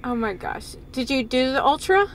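A woman with a very high voice chatting casually for her vlog. She gushes with excitement, exclaims freely and laughs often. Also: moderate pace, a little hiss or hum. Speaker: vlogger.

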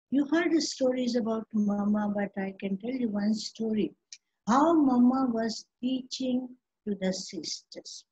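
A woman giving a spiritual class, telling stories slowly and gently with quoted dialogue. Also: a little high, slightly rough. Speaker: spiritual teacher. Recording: dull lo-fi recording.

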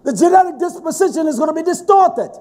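A man preaching a sermon in a fervent, emphatic way, with sudden shouted stresses. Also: very high voice, expressive, fast talker.

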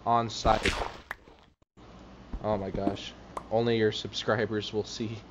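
A man live-streaming a game, excitable and out of breath, talking to his chat. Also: lowish voice, slow pace, muffled recording, heavy background noise. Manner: animated, excitable, laughing often, talking to chat.

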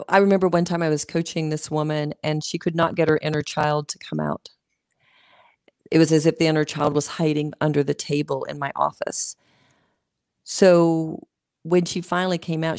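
A woman speaking as a guest coach in a casual interview, gentle, earnest and encouraging. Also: low voice, no echo, studio quality.

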